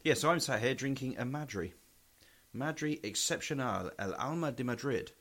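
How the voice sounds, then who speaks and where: A man's voice: mid-range voice, animated, normal speed, fairly bright tone. A man co-hosting a podcast in sweary, rambling casual chat. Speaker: podcast co-host.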